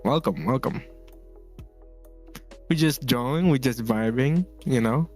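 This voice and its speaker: A man's voice: medium pitch, slow pace, darkish tone, soft background music. A man from the Philippines streaming casually while drawing, rambling, laughing often and reading chat messages aloud.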